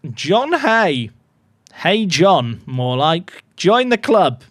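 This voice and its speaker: Playing a football management game, a male YouTuber chats away with lots of joking asides to his audience. His voice sits high with big pitch swings and drawn-out words, and there's no room sound.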